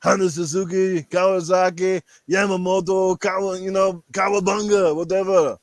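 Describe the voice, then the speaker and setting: A man with a rough throat putting on a crude, boastful action-star impression, ranting vulgarly. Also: high-pitched, flat delivery, moderate pace, no echo, pitched above the performer's own voice, lightly acted. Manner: vulgar, boastful, rambling rants.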